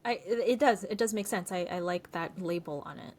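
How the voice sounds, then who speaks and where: A woman's voice: fairly low pitch, fairly quick, darkish tone. A woman co-hosting a podcast in casual chat who chimes in often and laughs easily. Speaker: podcast co-host.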